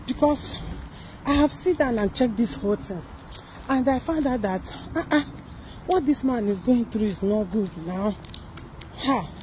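A woman's voice: on the high side, a little mellow, slight background noise, low-quality recording. A young Nigerian woman giving a sarcastic gossip commentary, firing off mocking rhetorical questions. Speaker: celebrity gossip vlogger. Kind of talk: satirical commentary vlog.

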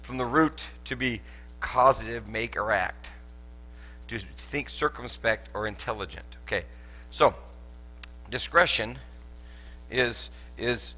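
A man preaching a sermon at a church service, animated and joking as he tells stories. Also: on the low side. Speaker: pastor.

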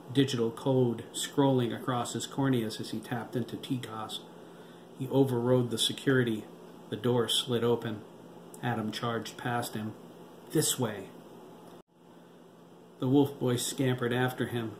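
A man reading his own novel aloud as audiobook narration, in a steady, even way. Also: mid-range voice. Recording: roomy with faint hiss.

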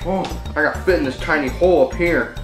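A man's voice: a little high, a little fast, lightly acted. A man playing a whiny childish boy in an echoey room. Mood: babbling. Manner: whiny, babbling, excitable. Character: dim, bratty young boy with a whiny childish voice. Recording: echoey room with music behind.

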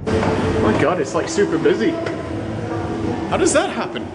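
A man's voice: high-pitched, sing-song, unhurried, over loud music. A man chatting casually for his vlog while driving, rambling with lots of fillers and self-corrections. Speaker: vlogger. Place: inside a car in town traffic. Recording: car and traffic noise behind.

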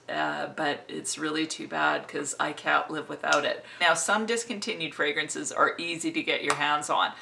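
Woman, fragrance YouTuber, wry commentary, low voice, bright tone. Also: measured pace, vocal fry, few pauses. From Canada. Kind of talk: comedic commentary.

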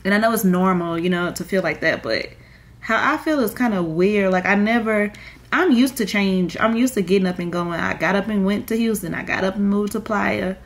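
A woman's voice: mid-range voice, normal speed. A young woman, crying and rambling in a confessional vlog with many fillers. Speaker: vlogger.

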